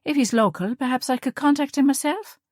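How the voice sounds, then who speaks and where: A woman's voice: high voice, brisk, a little mellow, dry recording, studio quality, voice pushed up, natural voice. A woman voicing a wary woman who keeps her tone light and polite, feigning innocence.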